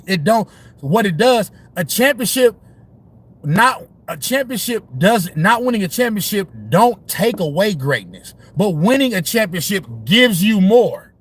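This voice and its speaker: A man's voice: high-pitched, sing-song, measured pace, breathy edge. A man delivering a heated, profane sports rant, full of slang, repeats and restarts. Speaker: sports commentary vlogger.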